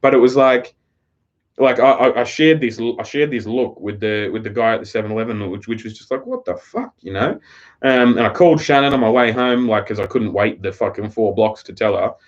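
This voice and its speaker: On a casual live stream, an Australian man with a mid-range voice talks a little fast, rambling through a profane story. The lo-fi recording is slightly dull.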